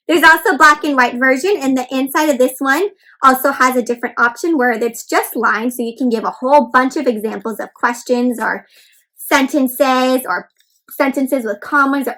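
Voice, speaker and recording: A woman's voice: high-pitched, a bit bright, low-quality recording. A woman hosting a children's read-aloud, teaching young kids in an encouraging sing-song way, often calling them friends. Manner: encouraging, repeatedly addresses listeners as friends; bouncy sing-song teacher delivery with counted prompts.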